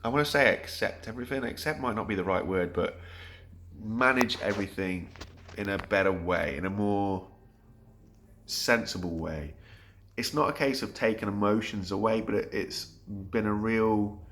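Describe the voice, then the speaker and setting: A man's voice: on the low side, moderate pace, fairly bright tone. A man in his thirties, talking earnestly in a rambling vlog monologue with many restarts. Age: 30s. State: getting choked up. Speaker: vlogger.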